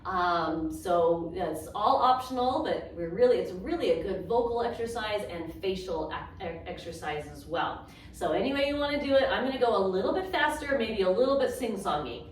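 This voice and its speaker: A woman's voice: medium pitch, animated, a little hiss or hum. A woman leading an adaptive yoga class, guiding vocal and movement exercises in an encouraging, chatty way. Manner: slow, encouraging, chatty with small laughs. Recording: roomy, distant mic with faint ambience.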